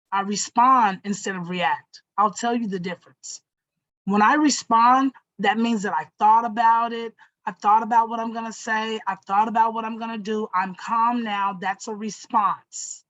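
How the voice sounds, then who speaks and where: Young teacher lady talking kids thru a lesson, gentle, keeps saying right? okay?, dry sound no room. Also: mid-range voice, no echo, muffled recording. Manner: gentle, encouraging, checks in often with "right?" and "okay?". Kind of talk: classroom lesson for children.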